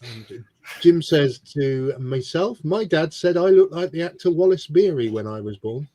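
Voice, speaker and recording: A man's voice: a little high, lively intonation, normal speed, warm tone. A man co-hosting a hobby livestream, casually greeting viewers and teasing them as he reads their comments. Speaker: livestream co-host. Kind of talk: casual chat. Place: home studio, on a video call.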